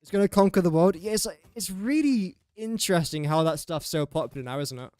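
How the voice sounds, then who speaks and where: A man's voice: high voice, expressive, a little fast, a little mellow, dry recording, clean studio sound. A young man with an English accent, chatting casually and rambling while livestreaming a building game, often laughing at his own slips. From England. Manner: rambling, self-mocking, chuckles often. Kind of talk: casual gameplay livestream chat.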